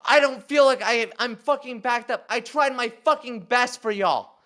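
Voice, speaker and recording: A man's voice: very high-pitched, moderate pace, sharp tone. A young man, a crew member of a talk show, confronting the hosts in an emotional, heated argument, full of swearing and outbursts.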